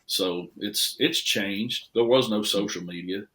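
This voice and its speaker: Folksy shop owner, low-pitched male, animated guest storyteller. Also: a little slow. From Tennessee. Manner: folksy, animated storyteller with lively swings in loudness. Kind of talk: casual podcast storytelling.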